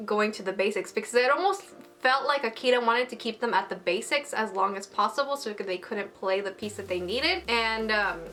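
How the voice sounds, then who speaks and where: A young woman reviewing an anime episode in casual, animated chat, swearing now and then. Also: mid-range voice, moderate pace, faint music behind.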